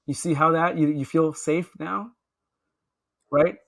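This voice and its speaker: A man's voice: on the high side, fairly even intonation, takes it slowly, vocal fry, a bit bright. A man, a guest making emphatic points in a conversational interview and checking in with "right?" as he goes. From Queens, New York. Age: 30s. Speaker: guest, public affairs officer.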